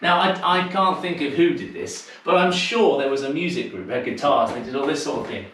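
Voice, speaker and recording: Guy running a zoom dance class, counts out steps, jokey, pretty high voice, really echoey room. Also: a little fast, a bit bright, recorded from a distance, slight background noise. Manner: chatty, teasing, counts steps aloud. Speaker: dance teacher. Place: home room on a video call.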